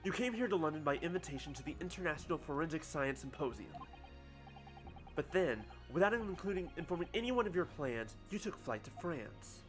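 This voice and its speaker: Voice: mid-range voice, lively intonation, a little fast, music in the background, lightly acted. A streamer voicing an earnest young male defense lawyer, with emphatic, indignant outbursts, while reading a game's dialogue. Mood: determined. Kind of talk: voicing game characters on a livestream.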